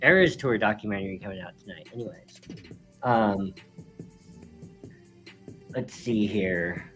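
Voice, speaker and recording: A man co-hosting a live show, speaking in a hesitant way with many pauses and fillers. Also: lowish voice, a bit bright, faint music behind. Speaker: podcast co-host. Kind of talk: casual livestream chat.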